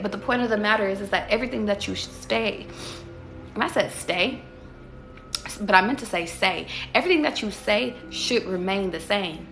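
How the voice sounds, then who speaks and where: A woman's voice: mid-range voice, normal speed, vocal fry, fairly bright tone, soft background music. Profane, emphatic woman in a roomy echo. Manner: profane, emphatic, rhetorical questions; talks straight to viewers. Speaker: tarot reader. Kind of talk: casual livestream pep talk.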